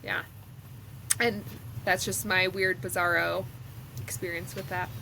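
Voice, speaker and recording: A woman's voice: lowish voice, level tone, measured pace, gravelly. A woman in her thirties co-hosting a podcast, chatting casually and rambling with lots of "like". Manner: rambling, heavy use of "like". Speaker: podcast co-host. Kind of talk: casual chat. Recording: noisy recording.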